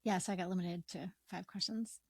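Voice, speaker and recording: A woman co-hosting a podcast, chatty and quick to react as she tells her own stories. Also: lowish voice, fairly even intonation, vocal fry, a little mellow, husky, dry recording, studio quality. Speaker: podcast co-host. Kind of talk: casual chat.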